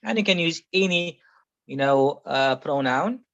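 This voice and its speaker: A man's voice: fairly high pitch, animated, measured pace, vocal fry, a bit bright, no room sound. A man teaching a classroom Arabic grammar lesson, patiently explaining and repeating each example several times. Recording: muffled, slightly lo-fi sound.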